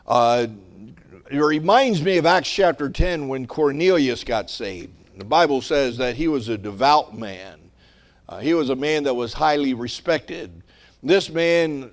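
A male pastor preaching a sermon, moving between conversational storytelling and rising, emphatic exhortation. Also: on the high side.

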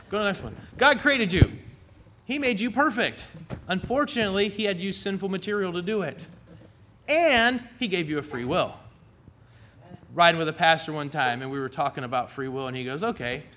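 A middle-aged man preaches to his congregation in a relaxed, folksy way, tossing in asides as he goes. His voice sits a little high for a man. A faint hiss hangs under the church-hall recording. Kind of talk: sermon.

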